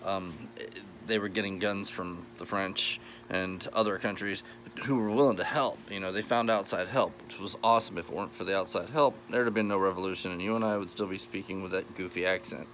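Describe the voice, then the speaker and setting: American guy rambling through a history lesson, lowish voice, chuckles a lot, bit of background hiss. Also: steady tone, brisk, fairly bright tone. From United States. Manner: chatty, rambling, self-correcting with chuckles. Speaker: history channel host. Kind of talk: casual explainer monologue.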